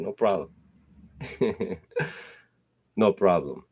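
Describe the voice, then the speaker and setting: Animated and speaking at normal speed, a man runs his solo show with a profane, stream-of-consciousness ramble. It slides into half-rapped verses and lurches from loud outbursts to low muttering.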